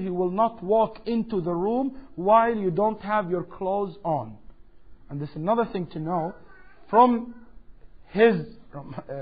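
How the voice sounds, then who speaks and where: Lecturer, male, high voice, animated storyteller; dull lo-fi tape. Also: breathy edge. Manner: animated, acts out quoted dialogue. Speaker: Islamic lecturer. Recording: dull lo-fi 2007 lecture recording.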